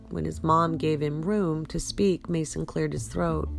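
A woman hosting a show and reading a story aloud at an unhurried pace, with small slips she corrects. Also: sits low, steady tone, vocal fry, faint music behind. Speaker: host and story reader.

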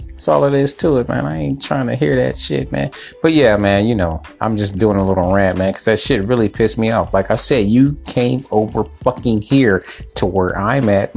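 A man's voice: on the low side, vocal fry, darkish tone. A man hosting a show, ranting in a mocking, profane way and tagging "man" onto his lines. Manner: swearing, mocking, repeats "man". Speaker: show host. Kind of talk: profane comic rant.

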